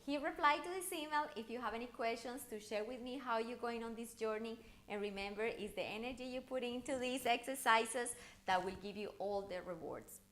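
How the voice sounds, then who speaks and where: In a fairly quick, somewhat high voice, a female communication coach walks viewers through an online challenge lesson. She speaks directly to them with animated encouragement, her intonation rising and falling.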